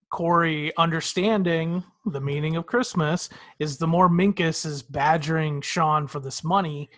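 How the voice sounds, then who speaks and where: A man's voice: a little high, a bit bright. A man co-hosting a podcast, recapping TV episodes in casual, detailed storytelling. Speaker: podcast co-host.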